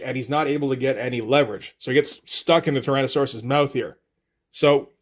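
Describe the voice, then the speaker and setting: Laid-back man recapping comics. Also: on the high side. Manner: laid-back, swears casually, thinks aloud. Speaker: comic book reviewer.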